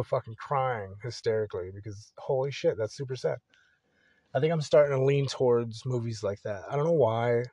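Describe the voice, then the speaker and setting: A man's voice: medium pitch, a little mellow, no room sound. A young man hosting a solo podcast, talking casually in a rambling, profane, laid-back way. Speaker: podcast host.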